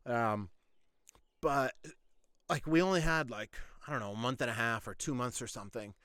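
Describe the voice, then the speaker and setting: A man with a middle-pitched voice hosts a podcast and tells a story in loose, rambling monologue. He leans on fillers and swears freely. The sound is dry and close. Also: normal speed, a bit bright, dry recording. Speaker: podcast host.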